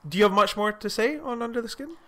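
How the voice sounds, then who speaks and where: A man co-hosting a podcast in casual, sweary, animated chat. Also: extremely high pitch, fast. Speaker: podcast co-host.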